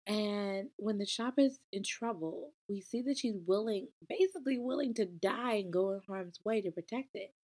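A young woman talks casually through a book review. She is expressive and animated, and her pitch sits in a middle range for a woman. She jumps in to talk back to the story as if arguing with it. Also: normal speed, hardly any pauses.

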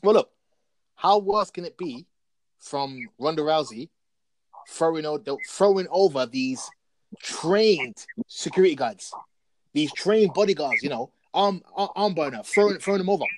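Casual podcast co-host, man, animated storyteller, fairly high voice. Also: measured pace, no room sound, rough recording. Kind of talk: casual wrestling chat.

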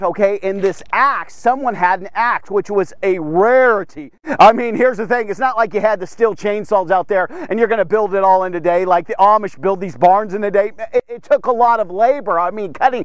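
A man with a very high voice teaches a Bible passage in a chatty, animated way. He keeps checking in with his listeners and acts out the people in the story. The recording is dry and close. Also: no echo. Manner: keeps checking in with "okay?" and "here's the thing". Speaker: devotional podcast teacher.

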